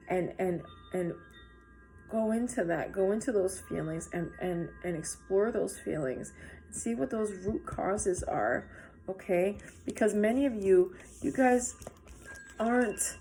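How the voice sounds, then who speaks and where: A woman giving a spiritual tarot reading, talking straight to her viewers in a halting, earnest way with lots of fillers and restarts. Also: mid-range voice, warm tone, soft background music. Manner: earnest and encouraging, addressing viewers directly. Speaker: tarot reader.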